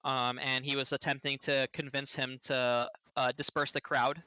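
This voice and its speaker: A man describing his character's actions in a tabletop game, halting with frequent pauses and restarts. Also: medium pitch, flat delivery, pushed and bright, clean tone, dry recording, dull audio. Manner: halting, lots of ums and restarts. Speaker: player.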